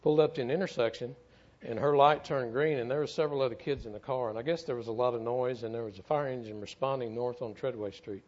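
A man's voice: mid-range voice, fast, muffled recording. A middle-aged man tells a story in a sermon, speaking earnestly and often repeating words as he goes. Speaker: church speaker, former firefighter.

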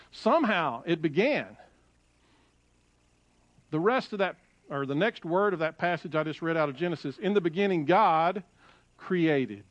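A middle-aged man preaching a sermon, animated and repeating phrases as he quotes scripture. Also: sits high, no room sound, lo-fi sound. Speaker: pastor.

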